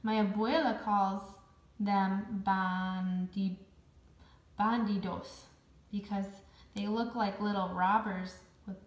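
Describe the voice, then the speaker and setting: A woman's voice: medium pitch, fairly even intonation, slow, close to an everyday voice. A woman reading as a chatty schoolgirl. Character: cheerful young schoolgirl. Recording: roomy echo.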